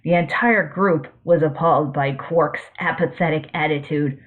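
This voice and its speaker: A woman reading a fan-fiction story aloud in a plain, steady way. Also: low voice, normal speed. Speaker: story reader. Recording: tinny phone-like audio.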